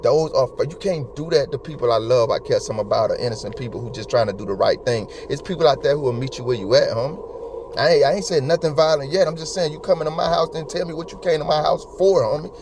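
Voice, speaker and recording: A man's voice: on the high side, quick pace, noisy background. A man giving heated casual commentary as a true-crime YouTuber, slangy and passionate, and he keeps calling his listeners homie and bro. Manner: passionate and repetitive.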